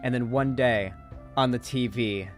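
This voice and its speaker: An online commentator speaks unhurriedly in a mid-range voice, with soft music playing behind him. His casual political take, framed as a movie recap, is sarcastic, profane, and riddled with fillers and restarts.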